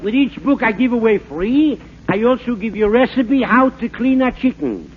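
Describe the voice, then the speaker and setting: An actor playing a bumbling fake French professor, in rambling, stammering comic patter for a 1940s radio comedy. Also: male voice, extremely high pitch, very animated, moderate pace. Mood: mock-lecturing. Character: bumbling fake French professor, fast-talking huckster man. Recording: narrow-band scratchy 1940s radio broadcast.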